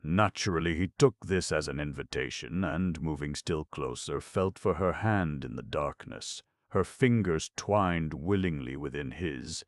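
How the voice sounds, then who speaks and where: A man narrating an audiobook in a measured, expressive reading. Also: rumbling low, dry recording. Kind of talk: scripted narration.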